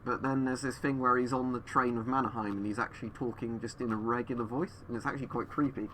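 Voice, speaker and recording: A man's voice: mid-range voice, steady tone, fast, a bit bright, slight background noise. A man streaming from home over a webcam, answering viewers in a rambling way, his voice muffled through a gas mask. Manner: rambling, thinking aloud with fillers.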